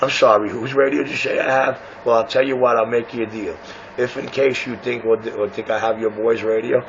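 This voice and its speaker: A brash man talks over a CB radio channel, bragging and needling his rivals in a gravelly, fry-edged voice. The sound is muffled and lo-fi, with a faint hiss underneath. He keeps a mid-range pitch and a cocky, combative delivery. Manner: boastful, taunting. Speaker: CB radio shop owner. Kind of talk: CB radio banter.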